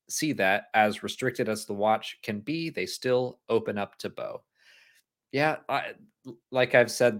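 A man co-hosting a live stream, chatting casually, laughing often and reading out viewer messages. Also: medium pitch. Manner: animated, laughs often, reads super chats aloud. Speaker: podcast co-host.

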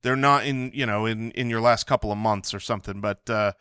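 Bright-voiced man rambling in casual chat. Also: lowish voice, steady tone, a little fast, clear, resonant tone, dry recording, clean studio sound. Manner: rambling, stumbles and restarts often.

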